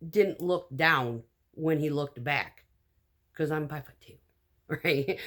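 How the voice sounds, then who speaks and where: A woman telling a personal story in a casual storytime vlog, animated and blunt, acting out the lines of the people in it. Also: low voice, slow, pauses often. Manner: animated, acts out quoted dialogue.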